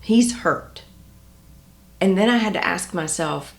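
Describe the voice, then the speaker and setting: Low, gravelly woman in an echoey room. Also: expressive, slow. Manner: earnest and confiding, drops to soft near-whispers. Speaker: manifestation coach. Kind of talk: reflective personal talk to viewers.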